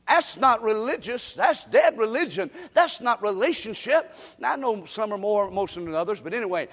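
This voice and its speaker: A male pastor preaching a sermon in a church, with emphatic delivery that surges into shouts. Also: high-pitched, in a large hall. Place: church sanctuary.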